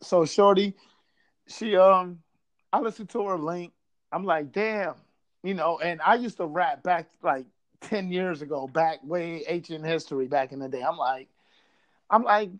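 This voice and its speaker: A man's voice: high voice, moderate pace. A man from Buffalo telling a casual story, swearing freely and acting out quotes. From Buffalo, New York.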